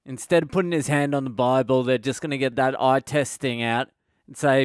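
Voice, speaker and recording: A man's voice: mid-range voice, fairly even intonation, brisk, clear, resonant tone, no room sound, clean studio sound. An Australian man, a comedian hosting his own podcast, delivering a crude, swearing comedic rant. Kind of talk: comedic monologue.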